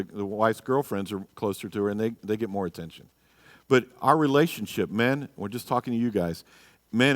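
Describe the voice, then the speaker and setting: Teaching a marriage class, this pastor uses a mid-range voice with a fairly bright tone. He's emphatic and asks many rhetorical questions, and the church hall recording carries noticeable reverb.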